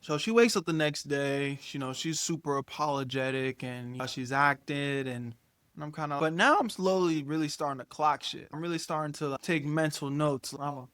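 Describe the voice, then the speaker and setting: A young man telling a storytime about a relationship in a casual, profane, animated way, acting out quotes with big jumps in loudness. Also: on the high side, normal speed, dry recording. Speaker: storytime YouTuber.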